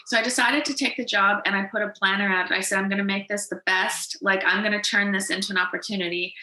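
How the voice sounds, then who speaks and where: A woman in her forties from Canada, a podcast guest telling her life story in lively, animated fashion, acting out what she said back then. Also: medium pitch, echoey room, poor audio. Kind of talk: storytelling in a casual interview.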